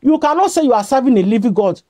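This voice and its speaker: A woman's voice: a little high, lively intonation, quick pace, warm tone, no echo, clean studio sound. A woman with a Nigerian accent giving a scolding, repetitive rant straight to her vlog audience, switching between Pidgin and a local language. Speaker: vlogger. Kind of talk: scolding direct-to-camera rant.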